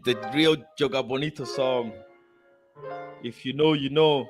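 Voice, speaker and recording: A man hosting a football fan livestream, excitedly chatting, at times shouting and singing along. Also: mid-range voice, normal speed, dry recording. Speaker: football channel host. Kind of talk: livestream chat. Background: music playing.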